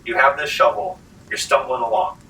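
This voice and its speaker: A man narrating a tabletop game as game master, lively and laughing often, recorded in a library meeting room. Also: mid-range voice, a little fast. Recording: echoey room, mic far off, faint hiss.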